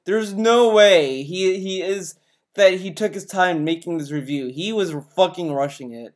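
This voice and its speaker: A man's voice: high-pitched, unhurried. A man hosting a casual reaction video, ranting in exasperation and swearing freely. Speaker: video host reacting to a review.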